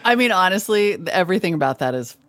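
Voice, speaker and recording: Woman, very low voice, bubbly, home studio co-host, dry sound. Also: fast talker, no room sound. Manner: bubbly, expressive, laughs often. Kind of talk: casual chat.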